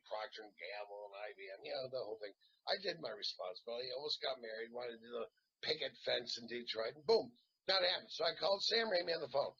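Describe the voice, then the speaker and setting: A gravelly, older man spins a profane story, his pitch swinging wide as he goes. His voice is bright and edgy, and the recording sounds dull and lo-fi. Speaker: guest actor. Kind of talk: casual anecdote telling.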